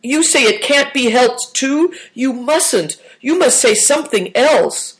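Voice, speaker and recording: Eager boy, plucky and insistent, pitched high , as a woman reads him. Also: expressive, slow pace, poor audio.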